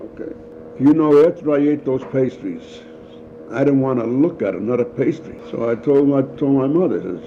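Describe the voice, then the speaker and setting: Gravelly older New man telling stories. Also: mid-range voice, normal speed. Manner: animated storyteller acting out voices, laughs often. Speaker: interviewee. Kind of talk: storytelling. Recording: dull lo-fi home recording with faint noise.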